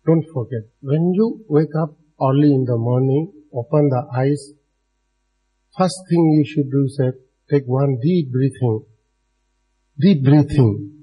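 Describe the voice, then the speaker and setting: Over dull audio, a man with a medium-pitched, breathy voice speaks a little slowly as he gives a dharma talk. His English is broken and non-native, and he addresses his live listeners directly while chuckling often.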